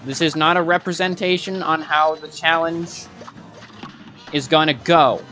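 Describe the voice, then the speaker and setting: Man, gaming commentary, bright tense tone, sarcastic self-talk, frustrated outbursts, faint game music behind. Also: fairly high pitch, steady tone, unhurried. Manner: sarcastic, rambling self-talk while playing; bursts of frustrated outbursts between muttering. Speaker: gaming video creator. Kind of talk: gameplay commentary.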